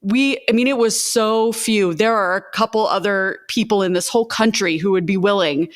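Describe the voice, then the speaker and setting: A woman's voice: medium pitch, normal speed. A woman who co-founded an advocacy group, speaking with passion in a panel conversation, in bursts with many restarts.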